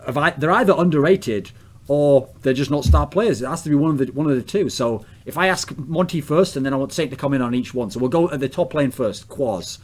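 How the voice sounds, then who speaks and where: A man's voice: medium pitch, a little fast. An English man hosting a casual podcast chat, blunt, provocative and crude in his questions. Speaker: podcast host.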